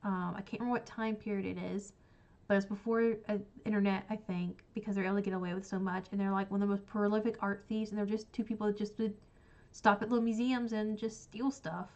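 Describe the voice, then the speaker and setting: A woman's voice: mid-range voice, little pitch movement, fast talker, a little mellow, lo-fi sound. A woman casually ranking books she has read on a stream, rambling with many fillers. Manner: rambling, frequent ums and likes. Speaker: book streamer. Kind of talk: casual book ranking chat.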